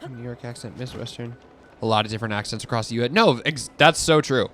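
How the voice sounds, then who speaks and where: A man's voice: medium pitch, fast talker, faint music behind. A young man chatting casually and giggling while he streams a game. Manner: animated, giggly and rambling. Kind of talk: casual chat while gaming.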